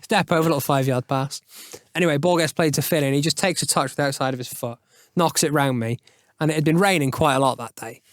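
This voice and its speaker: A man hosting a podcast in a studio, telling football stories in an animated, swearing manner with laughs. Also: on the high side, fast talker, no echo. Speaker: podcast host. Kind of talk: casual storytelling chat.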